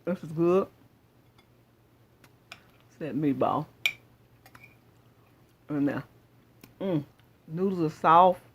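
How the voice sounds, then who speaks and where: A woman's voice: sits low, extremely slow, pauses often, slight background noise. A woman hosting her own cooking channel in her home kitchen, chatting straight to viewers and repeating her praise as she cooks. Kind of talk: casual cooking demonstration.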